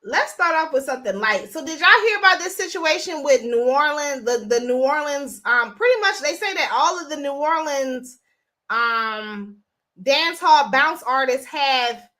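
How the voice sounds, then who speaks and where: A woman with a high, bright voice chats with her live-stream viewers in a loose, blunt way, swearing freely. She talks into a phone. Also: lively intonation, unhurried. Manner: chatty, blunt, profane. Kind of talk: casual live-stream chat.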